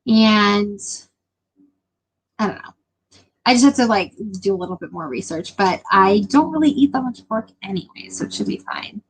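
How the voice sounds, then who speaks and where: A woman's voice: medium pitch, expressive, normal speed, husky, poor audio. A young adult woman chatting casually with her live stream viewers, rambling with lots of filler words.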